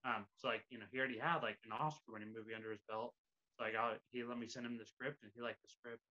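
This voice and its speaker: A man's voice: mid-range voice, fairly even intonation, quick pace, pushed and bright. A man hosting a casual interview chat, talking with many fillers like "like" and "um". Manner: filler-heavy, uses like a lot. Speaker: host. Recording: slightly dull lo-fi audio.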